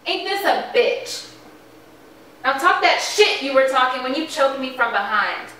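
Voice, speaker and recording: A woman plays a defiant wife who answers her husband's betrayal with cold, cutting words. Her voice is high and bright. It rings in a very echoey room, heard from some distance with faint music underneath. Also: lively intonation, unhurried, a little hiss or hum, exaggerated voice. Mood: furious. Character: wife confronting her cheating, abusive husband. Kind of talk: indie film drama.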